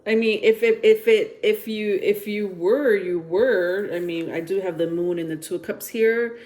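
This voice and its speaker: A woman's voice: mid-range voice, normal speed, a little mellow. A woman giving a casual tarot reading, chatty and rambling, with frequent filler words. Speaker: tarot reader.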